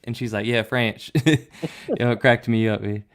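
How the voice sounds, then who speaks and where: A man's voice: mid-range voice, moderate pace, slight background noise. A man co-hosting a fan podcast in casual chat, laid-back and laughing as he tells stories. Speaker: podcast co-host. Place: Tennessee.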